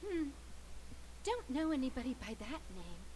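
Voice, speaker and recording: A woman's voice: sits high, very animated, moderate pace, background noise. An actress playing a wary, defensive woman hiding in a hotel room, speaking in a curt, guarded way.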